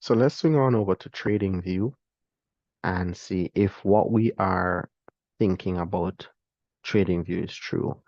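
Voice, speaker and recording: A man explaining a trading strategy to viewers in a relaxed, talkative way, addressing them directly. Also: low-pitched, measured pace, no room sound, lo-fi sound. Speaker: trading instructor. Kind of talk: screen-share trading lesson.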